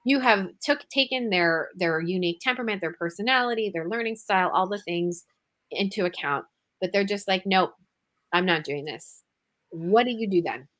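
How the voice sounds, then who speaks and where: A woman hosts a casual podcast conversation. She is animated and expressive, exclaiming often and acting out quotes as she talks. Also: medium pitch, normal speed. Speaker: podcast host.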